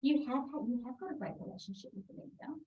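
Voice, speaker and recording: A woman's voice: a little high, very animated, fast talker, dull audio, slight background noise. A woman hosting an interview, affirming her guest and asking about goals. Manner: affirming, frequent murmured agreement. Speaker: interviewer host. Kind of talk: conversational interview. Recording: distant from the mic.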